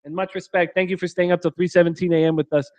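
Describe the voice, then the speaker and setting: High-voiced man hosting a crude, laughing stream. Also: little pitch movement, fast, a little mellow, dry recording. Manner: crude, joking, laughs often. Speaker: sports betting show host. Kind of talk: live-stream chat reading. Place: hotel room.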